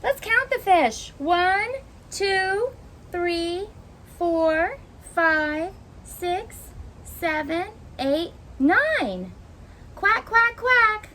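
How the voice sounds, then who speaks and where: A woman's voice: extremely high pitch, big pitch swings, very slow, a bit bright, slight background noise. A woman teacher reading a picture book aloud to young children, asking them encouraging questions as she goes. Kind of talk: children's story time.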